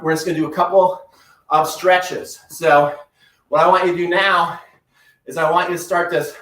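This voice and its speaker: A man's voice: high-pitched, fairly bright tone, roomy sound, far from the mic. A man coaching tennis drills and exercises during a live home workout, upbeat and talking while he moves. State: breathing heavily at times. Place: room at home.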